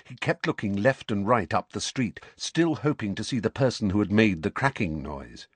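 A man narrating a story in an expressive, lively reading. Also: lowish voice, normal speed, breathy edge, dry recording. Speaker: audiobook narrator.

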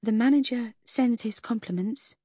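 Lady doing a shy young waitress, hesitant and apologetic, kinda higher, dry sound. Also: moderate pace, dark tone, slightly rough, no echo. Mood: sheepish.

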